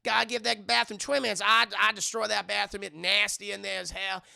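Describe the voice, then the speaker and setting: A man playing loud sassy grandma Madea. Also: high voice, flat delivery, fast, vocal fry, heavily acted. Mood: bossy. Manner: sassy, scolding, brash. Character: loud bossy old Southern grandmother. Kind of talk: comic impression in a live-stream review.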